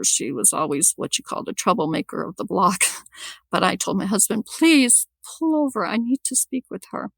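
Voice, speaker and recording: Gravelly woman recounting her own story. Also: lowish voice, fairly bright tone, no echo. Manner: halting, repeats words as she restarts. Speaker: podcast guest telling her story. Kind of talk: personal storytelling.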